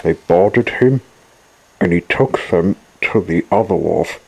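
A man narrating a children's story, reading slowly and deliberately. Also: deep voice, gravelly, darkish tone, husky, rough recording.

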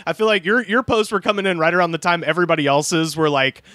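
A man's voice: fairly high pitch, fairly even intonation, fast, bright, forceful tone, no room sound. A man hosting a podcast in a studio, chatting casually and telling stories with frequent laughs. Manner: chatty, storytelling, laughs often. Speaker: podcast host. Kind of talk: casual chat. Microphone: studio microphone.

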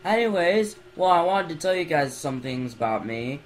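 A man's voice: fairly high pitch, animated, normal speed, low-quality recording. A young man giving jumpy let's play commentary from his bed, breaking into screams and goofy baby talk, on a computer mic. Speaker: gamer. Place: in bed at home.

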